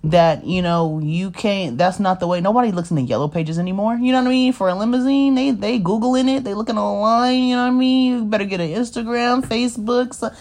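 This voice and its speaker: A woman in her thirties tells her life story in a rambling, casual monologue, often asking "you know what I mean?" Her voice is medium-pitched and darkish, a little fast, with few pauses.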